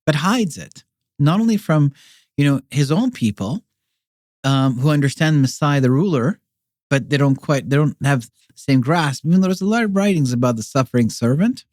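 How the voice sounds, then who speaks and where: A man's voice: a little high, animated, moderate pace, a little mellow, dry recording, studio quality. A man talking as a podcast guest, rambling through his ideas with many fillers and restarts. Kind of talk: casual explanatory conversation.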